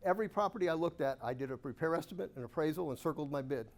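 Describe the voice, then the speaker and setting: Animated man telling stories to a live audience. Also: fairly high pitch, rapid-fire. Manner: animated, self-amused anecdotes with rhetorical questions. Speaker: guest speaker at a real estate investor club. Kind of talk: storytelling keynote talk.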